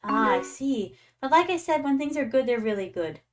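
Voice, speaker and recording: Playful young woman streamer, slightly high. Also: expressive, moderate pace. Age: young adult. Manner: playful and chatty, calls viewers "my darlings". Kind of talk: casual gaming stream chat.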